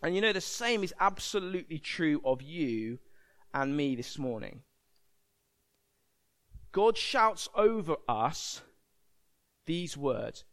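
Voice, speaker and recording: A man preaching a sermon, animated and jokey, acting out voices for emphasis. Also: high-pitched, measured pace.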